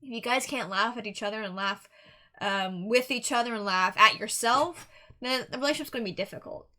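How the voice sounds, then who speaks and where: Young woman, music reaction host, earnest and rambling; slightly high, bright voice. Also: brisk. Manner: rambling, earnest, with frequent restarts and fillers. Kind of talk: casual song review monologue.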